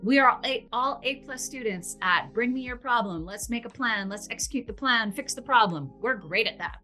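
A woman's voice: fairly high pitch, animated, normal speed, pushed and bright, soft background music. A woman talking earnestly and expressively as a podcast guest, laughing easily and using fillers like "you know.". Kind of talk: conversational podcast interview.

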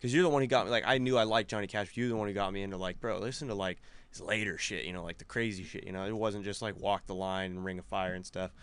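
Rapid-fire rambling young man. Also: on the low side, steady tone, a little hiss or hum. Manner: rambling, full of fillers and acted-out quotes. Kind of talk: casual chat.

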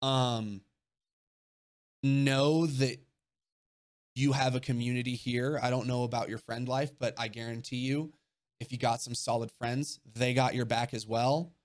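A man's voice: medium pitch, steady tone, unhurried. A young man hosting a livestream, answering viewer questions in casual, earnest chat, emotional and swearing casually.

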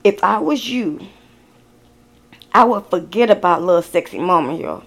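A woman's voice: on the low side, expressive, moderate pace, gravelly. A woman giving a casual tarot reading, talking bluntly and with exasperation, swearing as she addresses the viewer directly. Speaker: tarot card reader.

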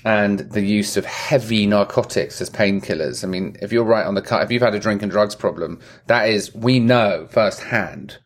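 A man's voice: fairly low pitch, moderate pace, hardly any pauses. A man hosting a casual podcast chat, rambling, swearing now and then and murmuring agreement. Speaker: podcast host.

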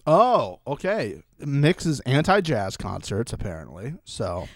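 Lively, mock-dramatic young man co-hosting. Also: medium pitch, slow, dry recording, studio quality. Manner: animated, mock-dramatic asides. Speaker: podcast co-host. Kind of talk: casual podcast banter.

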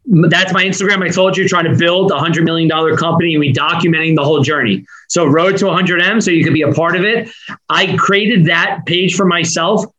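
High-voiced fast-talking Northeastern man. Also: poor audio. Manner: fast, energetic, run-on sentences. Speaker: podcast guest, business owner. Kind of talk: fast casual interview talk.

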